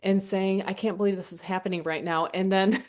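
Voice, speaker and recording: A woman photographer from southern Indiana, a guest telling stories about her shoots in a casual interview and acting out her own quotes in a higher voice. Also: fairly even intonation, brisk. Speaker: senior portrait photographer, guest.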